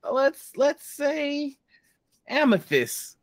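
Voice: high-pitched, sing-song, drawn-out words, dry recording. A player in a tabletop game who talks hesitantly and laughs often. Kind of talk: casual tabletop game chat.

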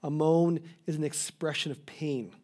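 A middle-aged Canadian pastor keeps a steady tone and moderate pace as he pleads earnestly in his sermon. He occasionally breaks off and begins a phrase anew, his mellow, warm voice pitched slightly high.

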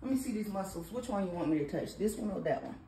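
A mother and vlog host speaks to her son in a medium-pitched voice, quick and lively in intonation, teasing him playfully in a sing-song style. They're at home in the morning, recorded on a phone in an echoey room with faint background noise.

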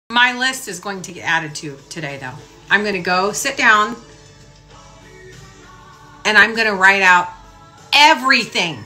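A woman in her forties chats with her followers in a casual vlog, her voice bright and forward. She rambles and laughs at herself, sliding into little put-on voices for her asides. Soft music plays faintly behind her. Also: medium pitch. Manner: rambling, self-mocking, animated storytelling with mock-voiced asides. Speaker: lifestyle blogger.

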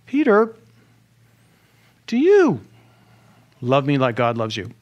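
A man acting out Jesus as an earnest, gentle grown man asking searching questions during a sermon. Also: medium pitch, expressive, moderate pace, slightly rough, highs cut off. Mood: pleading.

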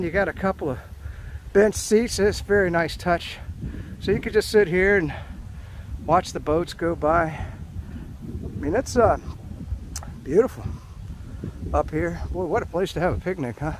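A man's voice: high-pitched, measured pace, long pauses, noisy background. A middle-aged man vlogging on a hike outdoors, reading signs aloud and chatting, slightly out of breath. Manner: chatty, excitable, reads signs aloud then comments. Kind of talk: casual hiking vlog with sign reading. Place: outdoors at a park mound.

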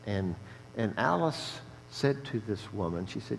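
A man's voice: medium pitch, animated, normal speed, creaky. An older man giving an earnest, conversational sermon as a guest preacher, telling stories with frequent "uh" fillers and restarts, recorded in a church sanctuary with long reverb and a faint hum. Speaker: guest preacher, chaplaincy director.

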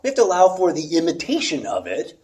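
A man in casual conversation about theatre, thoughtful and measured, searching for the right words. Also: fairly high pitch, wildly swooping pitch, darkish tone. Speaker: theatre actor and director.

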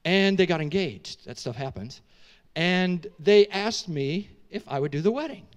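A middle-aged male pastor preaching a sermon as a story, animated and emotional, with casual asides to the congregation. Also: high-pitched, unhurried.

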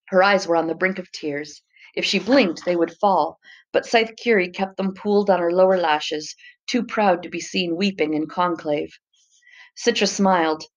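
A woman narrating a novel chapter in a measured, even storytelling manner. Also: fairly low pitch. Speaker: audiobook narrator. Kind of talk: scripted narration.

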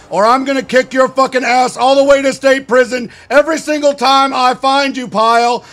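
A high-pitched man yelling relentless, profane drill-sergeant orders during game roleplay. His voice sits well above the usual male range, and his insults run on without pause. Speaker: streamer playing a state trooper.

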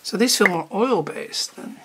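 Unboxing art supplies, this art teacher talks in a rambling, casual way, frequently leaving sentences unfinished. Her mid-range voice has lively intonation and an unhurried pace, with noticeable background noise in the recording.

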